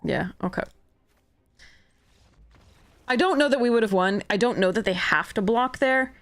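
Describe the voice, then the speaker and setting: Exasperated high-voiced woman streamer ranting. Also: normal speed, dry recording. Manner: exasperated, swears a lot, rants at the game. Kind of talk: casual livestream commentary while gaming.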